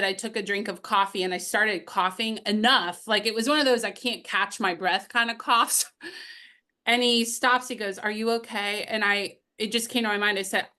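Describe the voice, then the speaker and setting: A woman's voice: medium pitch, bright, forceful tone. A woman sales coach answering interview questions, telling upbeat stories from her calls and laughing now and then. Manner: storytelling, upbeat, laughs while telling anecdotes.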